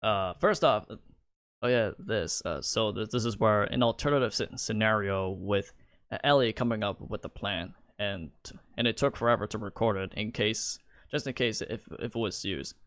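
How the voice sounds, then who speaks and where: A man's voice: on the low side, normal speed, a bit bright, no echo, clean studio sound. A young man giving casual live-stream commentary, rambling and stammering with many restarts. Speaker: streamer and video creator.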